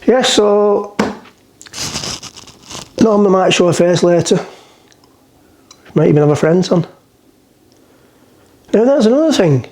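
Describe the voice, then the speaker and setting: A man's voice: sits high, lively intonation, slow, long pauses, darkish tone, slight background noise. A man rambling through a casual cooking vlog in his home kitchen, jokey and chatty as he cooks. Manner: rambling, jokey, talks to himself while cooking. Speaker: cooking vlogger.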